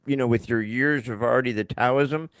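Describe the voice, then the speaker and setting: Enthusiastic gravelly male podcast host. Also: medium pitch, moderate pace, dry recording. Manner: warm, laughing, enthusiastic interviewer. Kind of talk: casual interview.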